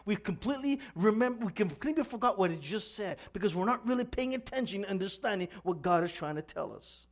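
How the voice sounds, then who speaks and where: A man preaching a sermon as pastor, earnest and animated, asking the congregation for amens. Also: high-pitched, fast, few pauses. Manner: earnest, asks the congregation "Amen?"; storytelling with animated voices.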